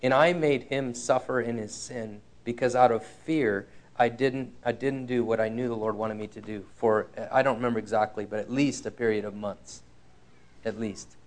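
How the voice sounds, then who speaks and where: A man is giving a sermon in which he tells a personal story, candid and sincere throughout. He slows down to stress key points, speaking at a medium pitch with fairly even intonation.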